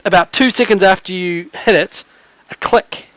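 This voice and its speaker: A man's voice: high-pitched, moderate pace, a bit bright, no echo, rough recording. A man narrating a tabletop game as game master, rambling with frequent restarts.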